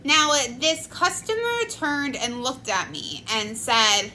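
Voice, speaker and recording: A woman's voice: high voice, very animated, slow pace, hardly any pauses, sharp tone, slight background noise, low-quality recording. A woman in her twenties telling a personal story in a chatty vlog, with lots of filler words. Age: 20s. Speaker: vlogger. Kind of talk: casual storytime.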